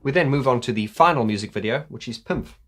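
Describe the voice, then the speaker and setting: A man's voice: mid-range voice, animated, quick pace, loud music behind the voice. A man hosting a casual video commentary, enthusiastic, laughing often, with many fillers. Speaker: host.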